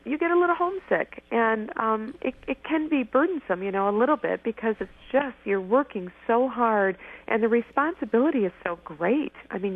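A woman in her forties from Michigan, a guest telling stories in an eager rush, often restarting her sentences. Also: mid-range voice. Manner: eager, tumbling phrases with frequent restarts. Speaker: guest, former pageant winner. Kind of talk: animated storytelling interview. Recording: tinny phone line, dry.

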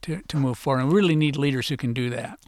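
An older man answering radio interview questions as an author and guest, halting and hesitant, often trailing off quietly. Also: medium pitch, dry recording, clean studio sound.

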